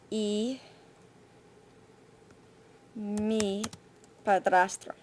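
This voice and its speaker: A woman Spanish teacher, recording patient spoken feedback on a student's essay, thinking aloud with frequent pauses and fillers. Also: medium pitch. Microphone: computer mic for screen recording.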